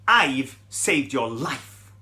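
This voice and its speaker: A man voicing a talking donkey, speaking slowly, low and reproachful. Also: sing-song, sharp tone, exaggerated voice.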